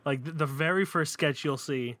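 A man co-hosts a casual podcast chat, rambling along with lots of fillers and restarts. His voice is a little high with a fairly bright tone, his pace moderate, and there's no room sound.

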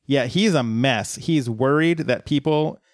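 A man recaps a show episode on a podcast in an easy, conversational way. His voice sits in a middling range and sounds close and dry, with no room echo. He tells the story at a steady, laid-back pace. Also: mid-range voice, unhurried. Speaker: podcast co-host. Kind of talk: casual episode recap chat.

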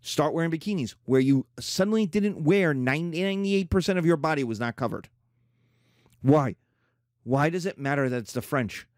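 A middle-aged male teacher gives a classroom lecture, full of emphasis and repetition. His voice sits a little high and swings widely in pitch. The sound is dry and close, with no room echo. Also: normal speed. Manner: animated, emphatic, with playful mock voices. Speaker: history teacher.

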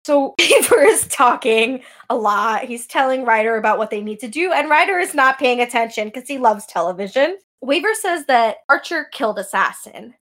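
A woman with a high, bright-sitting voice chats on a fan podcast. She recaps episodes in an animated, casual way, laughing often and swearing now and then. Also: moderate pace, few pauses. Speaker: podcast co-host. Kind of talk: casual chat recapping an anime.

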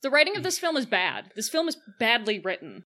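A woman talking through a film with a bright, sharp voice. Her tone is sarcastic, and she keeps slipping into mocking voices for the characters. She sounds like one half of a relaxed chat show. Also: fairly high pitch, a little fast. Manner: sarcastic, acts out silly quoted voices. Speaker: podcast co-host. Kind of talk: casual chat, film review.

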